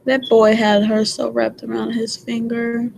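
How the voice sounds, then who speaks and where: A woman's voice: fairly high pitch, completely flat delivery, a little slow, vocal fry, darkish tone, slight background noise, rough recording. A young woman in casual chat, talking bluntly and profanely. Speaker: co-host.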